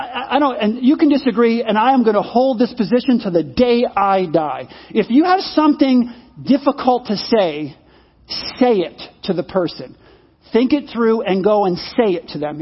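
Pastor, male, very high and husky, chatty sermon delivery that repeats words, muffled lo-fi recording. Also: expressive, normal speed. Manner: conversational, repeats words, asks the audience questions. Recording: dull lo-fi sermon audio.

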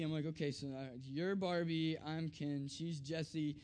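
A man preaching in a storytelling style, acting out family dialogue with animated voices and dropping soft and low on tender, reflective lines. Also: moderate pace, clean tone. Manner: animated, acts out his daughter's lines in a raised voice. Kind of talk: storytelling sermon.

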